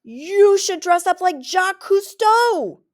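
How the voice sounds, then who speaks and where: A woman reading aloud, voicing an eager, friendly schoolboy who talks excitedly. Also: very high voice, takes it slowly, pitched above the performer's own voice, heavily acted. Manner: excited and chatty.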